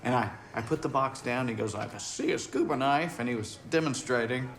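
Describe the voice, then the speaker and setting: A man's voice: mid-range voice, brisk, gravelly. A man, a musician being interviewed, telling stories casually and acting out the voices of people he met. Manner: animated, acts out people's voices in his stories. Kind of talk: casual storytelling.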